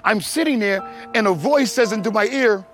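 A middle-aged man giving a personal testimony in church, telling his story in an animated way and acting out the voices with big swings in pitch and loudness. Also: moderate pace, soft background music. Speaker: testimony speaker.

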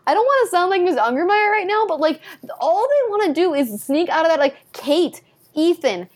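High-pitched woman ranting about a movie, swears a lot, laughy. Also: normal speed. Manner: animated, swears, laughs often. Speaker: podcast co-host. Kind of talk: casual chat.

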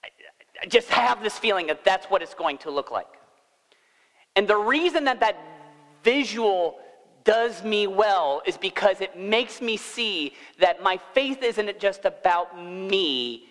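A high-pitched man delivers a sermon to his congregation and keeps it chatty, asking them questions as he goes. His voice carries through a church hall that has a long reverb. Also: lively intonation, unhurried, a bit bright. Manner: conversational, asks the congregation questions. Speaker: pastor.

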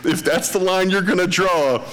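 A man's voice: sits high, normal speed, music in the background. Man, casual podcast chat, laughs a lot, restarts sentences, reverberant room. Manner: animated, laughs often, rambling restarts.

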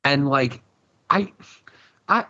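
A man on a podcast panel, talking in an animated, rambling way and acting out his own reactions. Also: mid-range voice, drawn-out words, muffled recording. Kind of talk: casual podcast chat.

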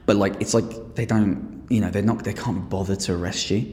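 An English man with a lowish voice chats as a podcast guest, spinning animated stories, swearing freely and mimicking the people in them. The room is echoey with a long reverb tail. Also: fairly quick. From England. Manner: animated storyteller, swears freely, acts out quotes. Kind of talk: casual chat.

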